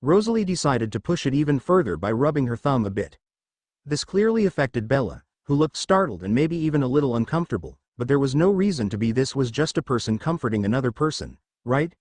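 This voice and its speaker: Man narrating a story, lively pitch. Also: fairly quick, dry recording. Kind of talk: audiobook narration of fan fiction.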